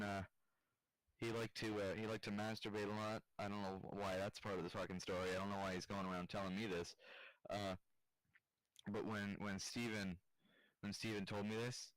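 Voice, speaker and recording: A tired young man vlogs from his bedroom late at night, making up crude jokes as he rambles and cracking up at himself in giggles. The voice is fairly low and a bit bright, with no room sound and rough recording quality.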